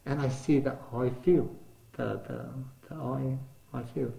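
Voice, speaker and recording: Older guy, non-native english, mellow voice, roomy echo, telling stories in an interview. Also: mid-range voice, fairly even intonation, a little slow, vocal fry. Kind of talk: oral history storytelling.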